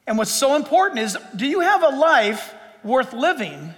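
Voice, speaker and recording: A man's voice: high voice, animated, moderate pace, few pauses, a bit bright, big-room sound. A middle-aged man preaching a sermon as pastor, conversational and joking with his congregation. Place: church sanctuary.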